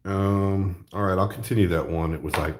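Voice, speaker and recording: A man's voice: low-pitched, steady tone, moderate pace, background noise. A middle-aged man hosting his own channel, rambling jokily in casual chat and laughing often. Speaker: YouTube art channel host.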